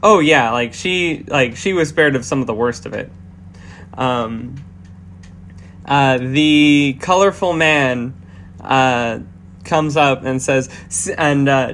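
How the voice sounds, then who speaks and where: Man, game master, slow and hesitant narration, faint hum behind. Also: mid-range voice, fairly bright tone. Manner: halting, full of fillers and restarts.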